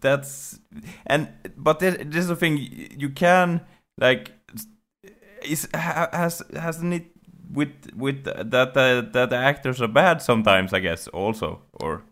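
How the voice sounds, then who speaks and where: Slow, laughing man chatting on a podcast. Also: medium pitch, a bit bright. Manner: laughs a lot, agreeable, hesitant. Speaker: podcast co-host. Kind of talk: casual podcast chat.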